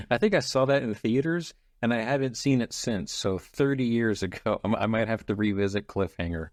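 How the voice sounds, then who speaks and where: A man's voice: on the low side, a little fast, dry recording, studio quality. A man co-hosting a podcast, joking and laughing as he recaps a book. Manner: jokey, laughs often. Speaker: podcast co-host. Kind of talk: casual book club chat.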